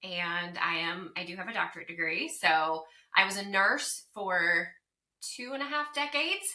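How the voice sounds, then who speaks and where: Upbeat woman guest, slight Southern twang, sharp bright voice, roomy sound. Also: on the low side, unhurried. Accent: Southern US, mild. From North Carolina. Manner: upbeat, chatty, laughs often. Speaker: podcast guest, divorce recovery coach. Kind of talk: casual interview chat.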